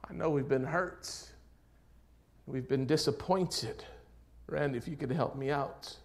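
Preaching as a pastor, this man alternates between soft near-whispers and loud, building exhortation, repeatedly posing rhetorical questions. His voice is mid-range and his delivery measured.

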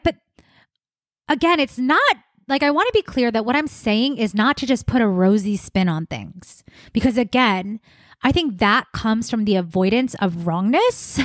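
A woman's voice: a little high, no room sound, clean studio sound. A young adult woman hosting a solo wellness podcast, talking in an upbeat, conversational way and repeating words for emphasis. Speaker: podcast host, wellness coach.

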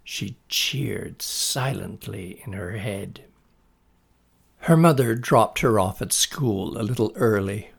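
Slow, gravelly male storyteller. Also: fairly low pitch. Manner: slow, deliberate storybook reading. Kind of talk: reading a children's story aloud.

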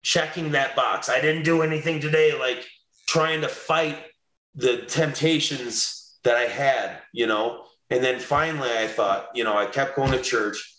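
A man's voice: medium pitch, a bit bright. A young man in an interview, earnestly telling a personal testimony and acting out the voices of people he quotes. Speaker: interview guest. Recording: roomy echo.

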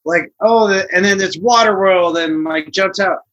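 A man's voice: sits high, normal speed, a bit bright, lo-fi sound. A man co-hosting a casual movie review podcast, rambling with lots of fillers and some swearing. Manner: rambling, many likes, swears. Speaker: podcast co-host.

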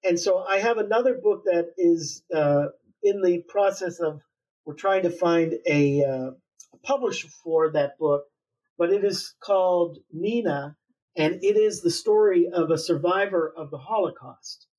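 A man author being interviewed, telling a long story in a relaxed way with many fillers and pauses. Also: high-pitched, husky. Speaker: author guest. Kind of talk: conversational interview. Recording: distant, dull lo-fi sound.

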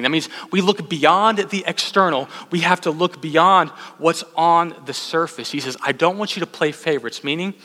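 Male pastor, high voice, lively conversational preaching, from Texas, long hall reverb. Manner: conversational, animated preaching with asides to the congregation. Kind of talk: sermon. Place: church sanctuary.

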